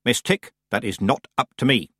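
A man voicing a stern, sharp old woman witch with a dry, firm and clipped manner. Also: mid-range voice, normal speed, no echo, natural voice. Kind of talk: audiobook character voice.

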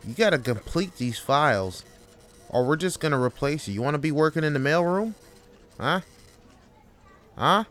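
A man's voice: a little high, expressive, moderate pace, pauses often, a bit bright. A man voicing a demanding, condescending male office manager who belittles his worker. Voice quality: pushy and belittling, keeps getting the worker's name wrong.

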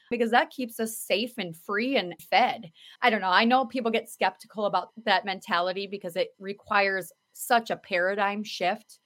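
Woman host, conversational, earnest storyteller, middle pitch, lots of "you know". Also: a bit bright. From South Dakota. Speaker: podcast host. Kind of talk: casual conversational talk.

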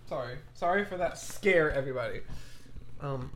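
A man's voice: mid-range voice, animated, moderate pace, fairly bright tone, slight background noise. A young man co-hosting a podcast in casual chat, joking around and laughing often. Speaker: podcast co-host. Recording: echoey room.

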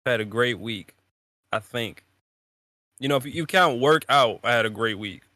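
A man co-hosting a podcast, keeping the casual chat relaxed and upbeat with short reactions. His voice sits at a medium pitch and sounds dry, with no room echo. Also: moderate pace. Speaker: podcast co-host.

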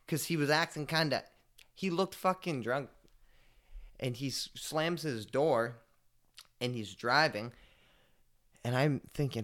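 Male podcast host, mid-range pitch, loose rambling delivery, cusses freely, drifts from mumbles to loud outbursts. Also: unhurried, long pauses. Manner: rambling, profane, storytelling; laid-back, swings between mumbling and loud. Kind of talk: casual solo podcast chat.

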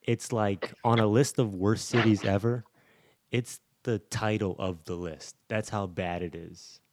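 A man's voice: on the low side, fairly even intonation, unhurried, darkish tone. A man co-hosting a podcast in casual chat, often stammering and turning dryly mock-serious. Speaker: podcast co-host.

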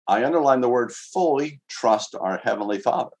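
A man preaches in a plain, earnest, conversational way, often pausing to put rhetorical questions to his listeners. His voice sits at an ordinary middle pitch as he reads scripture and draws out its lessons. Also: sing-song, a little mellow. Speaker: pastor. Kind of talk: sermon. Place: outdoors in winter.

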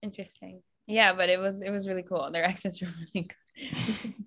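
A woman's voice: medium pitch, steady tone, fairly quick, fairly bright tone. An American woman hosting a podcast, chatting casually and laughing often. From United States. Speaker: podcast host. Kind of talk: casual chat.

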